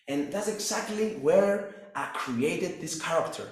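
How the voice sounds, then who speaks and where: A man's voice: high-pitched, expressive, measured pace. A young man from Cyprus, telling his personal story as a fitness coach in an intense, profane way. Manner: intense, profane, restless delivery with restarts. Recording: very echoey room.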